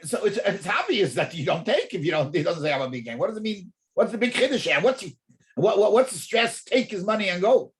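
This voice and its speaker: Rabbi giving a Talmud class, pitch leaps around a lot, stammers words while thinking. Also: male voice, brisk. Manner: animated, repeats words while thinking, poses rhetorical questions. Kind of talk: in-depth Torah class.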